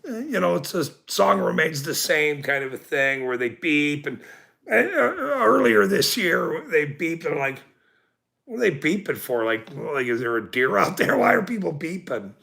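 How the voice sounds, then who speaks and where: A man's voice: fairly high pitch, expressive, moderate pace, vocal fry, sharp tone. A man ranting with heavy swearing and then chatting casually, laughing often and rambling as he talks to his viewers.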